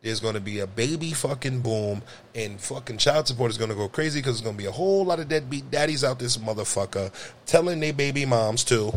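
A man's voice: mid-range voice, animated, moderate pace, a little hiss or hum. A man co-hosting a casual podcast chat, blunt and profane, telling stories animatedly. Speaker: podcast co-host.

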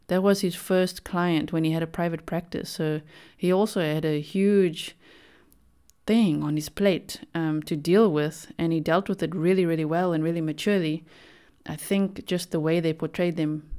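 A woman's voice: lowish voice, mellow, clean tone. A young adult woman hosting a podcast, giving casual, opinionated commentary with lots of "like" fillers. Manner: chatty, opinionated, many "like" fillers. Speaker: podcast host.

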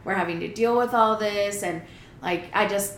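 A young woman, telling stories in a loud, animated way and mixing English and Spanish in casual chat. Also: mid-range voice, normal speed, roomy sound, slight background noise, rough recording.

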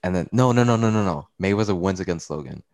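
A teenage boy talking casually as a podcast guest, teasing his friends and quick to react. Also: low voice, lively intonation, a little mellow.

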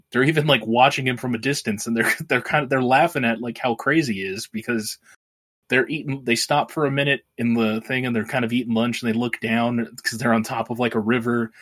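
Podcast co-host, male, loose rambling plot recap, salty language, mid-range pitch. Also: fairly bright tone. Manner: rambling, swears freely, laughs while retelling. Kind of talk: casual film recap.

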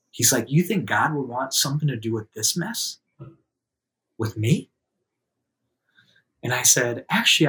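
An average-pitched man, a guest, shares a personal story in a relaxed, chatty style. He quotes people in a raised, livelier voice and laughs easily, then softens to a quiet tone when things turn serious.

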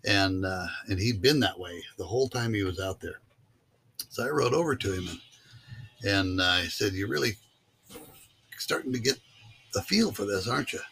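A man's voice: lowish voice, animated, normal speed, long pauses, a bit bright, husky. A man who teaches mule-riding clinics, talking casually as an interview guest and telling stories with many fillers. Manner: drawling storyteller with fillers.

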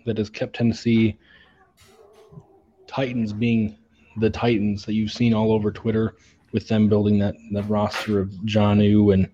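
On a casual sports podcast, this co-host talks in an unhurried, low-leaning monotone with a mellow tone and cut-off highs. His analysis of players is full of hesitant fillers and repetitions.

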